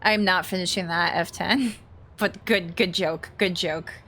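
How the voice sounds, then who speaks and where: A woman's voice: on the low side, fairly even intonation, unhurried, pushed and bright, slight background noise. An American woman chatting casually and giggling while streaming a game, with lots of "like" fillers. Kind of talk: casual live-stream chat.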